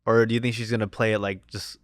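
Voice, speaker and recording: A man's voice: on the low side, little pitch movement, quick pace, dry recording, studio quality. A man co-hosting a podcast, chatting casually in an easygoing, agreeable way. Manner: easygoing, agreeable, laughs often. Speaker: podcast co-host. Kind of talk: casual chat.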